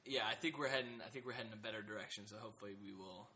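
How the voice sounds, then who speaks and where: A man's voice: lowish voice, racing, sharp tone, slight background noise. A man co-hosting a casual TV discussion podcast, talking hesitantly with many fillers and restarts. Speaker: podcast co-host.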